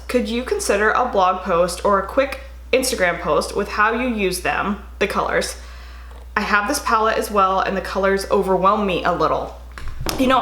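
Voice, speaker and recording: A young woman chatting casually with fillers as she shows a makeup tutorial. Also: mid-range voice. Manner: calm, quieter voice-over narration. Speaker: beauty vlogger. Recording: echoey room.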